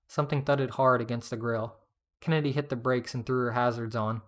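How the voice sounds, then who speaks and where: A man narrating a first-person story in a steady, plain reading voice. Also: mid-range voice, moderate pace.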